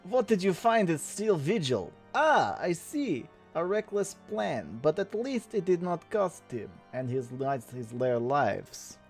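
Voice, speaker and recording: A formal, grave quest giver from a game, speaking in an exaggerated mock Russian accent, as a man puts it on. The voice sits a little high and reads slowly and stiffly, tripping over some words. Faint game music plays underneath. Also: big pitch swings, exaggerated voice. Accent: put-on Russian.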